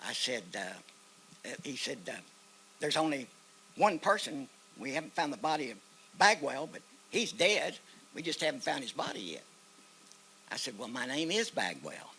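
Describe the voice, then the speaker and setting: A man's voice: mid-range voice, very animated, moderate pace, gravelly, sharp tone, slight background noise, rough recording. An older man with an Oklahoma accent, telling a personal war story at an outdoor ceremony in a folksy way, acting out the voices in it. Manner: folksy storyteller, acts out quoted dialogue. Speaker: guest speaker, veteran. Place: outdoor park memorial ceremony.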